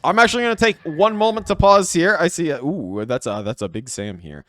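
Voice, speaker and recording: A young man streaming a game live, chatting to his viewers in an excitable, playful way. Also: on the high side, a little fast, no echo. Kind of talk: live game commentary with chat.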